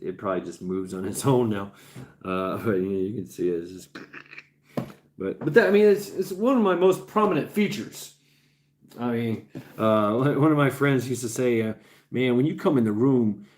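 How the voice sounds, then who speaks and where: This man in his forties has a lowish, somewhat dark voice. As host of a casual livestream, he chats in a rambling way, swears without restraint, laughs often, repeats himself, and sounds tired from being on air for hours.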